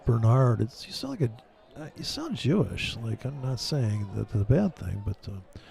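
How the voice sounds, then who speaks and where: A man's voice: medium pitch, big pitch swings, moderate pace, creaky, a little mellow. A man hosting a casual trading stream, rambling and mocking in a profane, joking way. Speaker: livestream trading host. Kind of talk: casual ranting chat with viewers.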